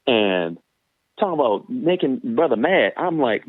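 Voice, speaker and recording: A man's voice: normal speed, breathy edge, dry recording, narrow, tinny audio. A former sprinter telling stories casually in an interview, acting out the people he quotes. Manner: animated, acts out quoted voices with big pitch jumps.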